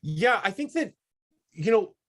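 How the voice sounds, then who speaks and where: A man as a guest in a casual interview, talking in long, animated, reflective stretches. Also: sits high, unhurried. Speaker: guest, wrestling manager and drag performer.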